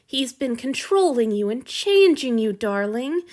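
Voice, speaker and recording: A woman's voice: fairly high pitch, very animated, measured pace, a little mellow. A woman voicing a centuries-old male vampire who is possessive and violent, shifting between snarling and false soothing, in a fan fiction reading. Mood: falsely soothing.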